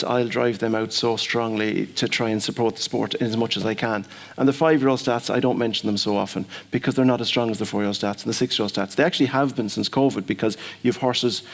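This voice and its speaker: Male panelist, emphatic, mid-pitched. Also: gravelly. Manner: emphatic, argues with examples. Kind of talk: seminar panel discussion.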